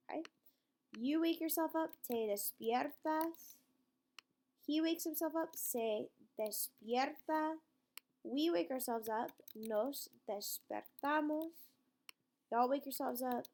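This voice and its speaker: A woman teaches a Spanish grammar lesson. Her voice sits a little high, with a gravelly fry at the ends of her phrases. She walks through each example patiently, slowing down on the Spanish words. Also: a little mellow. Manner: explains step by step, checks in with "right?" and "okay?"; slows down to spell out each Spanish word.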